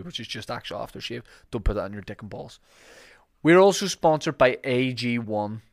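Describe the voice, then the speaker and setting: A Northern Irish man hosting a casual podcast, reading sponsor spots with jokes and quick self-corrections. His voice sits in an ordinary middle pitch. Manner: chatty, joking, self-correcting. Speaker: podcast host. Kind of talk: casual podcast chat with ad reads.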